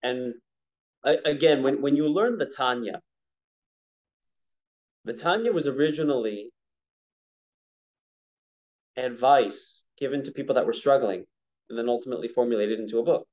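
A man teaching a Torah class, talking conversationally and now and then chanting Hebrew verses slowly. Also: mid-range voice, a little mellow. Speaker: rabbi teaching a prayer-book class.

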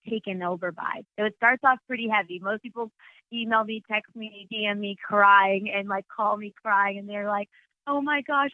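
A woman's voice: mid-range voice, dry recording. A woman speaking as a guest author, sharing a personal testimony in an earnest, flowing way. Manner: earnest, flowing, faith-filled speech. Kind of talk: phone interview, personal testimony. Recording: tinny phone line.

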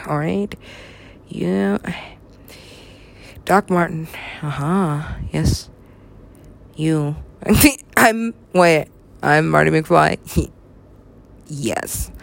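A woman's voice: fairly low pitch, lively intonation, very slow, vocal fry, pauses often. A woman from the US West Coast in a loose, rambling casual chat, laughing often, swearing freely and slipping into silly voices. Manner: giggly, swears a lot, acts out silly voices.

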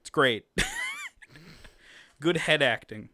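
A man's voice: on the high side, huge pitch swings, drawn-out words, sharp tone. A man co-hosting a podcast, casually recapping a movie with lots of swearing and laughter. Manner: rambling, profane, laughs often and acts out quotes. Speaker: podcast co-host.

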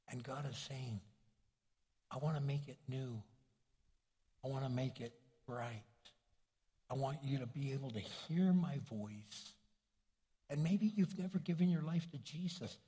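An older man, a pastor, preaching a folksy, conversational sermon with homely stories, his husky voice carrying through a church sanctuary. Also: medium pitch, dark tone. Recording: long reverb of a large hall.

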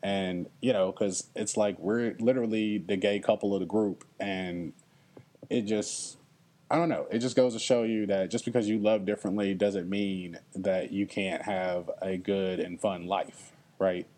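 A man's voice: sits low, steady tone, unhurried, dark tone. A young man hosting a podcast, talking earnestly and reflectively to listeners, often checking in with "okay?" and at times getting emotional. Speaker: podcast host. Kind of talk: reflective solo podcast talk.

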